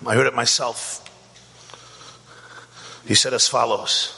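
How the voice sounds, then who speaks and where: A man teaching a Torah class, animated and rising to shouts to stress a point. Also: mid-range voice, slow pace, creaky, husky, in a large hall. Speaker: rabbi.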